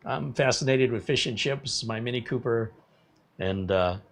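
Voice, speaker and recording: A man's voice: medium pitch, moderate pace. A man in his fifties hosting a live tech stream, chatting casually and rambling between topics while reading viewer comments. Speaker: tech YouTuber host.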